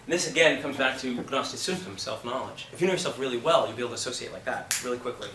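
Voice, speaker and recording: A man teaching an acting class, talking casually and telling lively stories with the odd curse. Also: mid-range voice, fast talker, noisy background. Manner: chatty, animated storytelling with profanity. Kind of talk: classroom lecture with anecdotes. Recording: roomy classroom from a distance.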